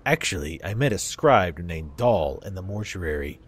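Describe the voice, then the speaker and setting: A man voicing a grim male wanderer who asks short, quiet questions in a lowered voice. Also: animated, normal speed, husky. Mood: terse.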